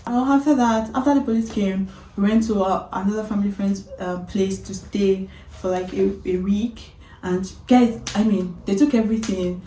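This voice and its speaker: A woman vlogger casually retelling a story, animated, often breaking into laughter. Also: medium pitch, moderate pace, roomy sound, far from the mic, slight background noise, poor audio.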